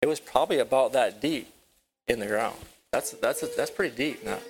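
With a mid-range voice, a man leads a children's Bible lesson at a countryside property that has a barn. He stumbles through the story, says things over again and quizzes the children. The recording is low quality.

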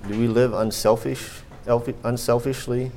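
A man giving a children's lesson at church and reading a story aloud, hesitant with many ums and restarts, often clearing his throat. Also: medium pitch, flat delivery, moderate pace, a little mellow, a little hiss or hum.

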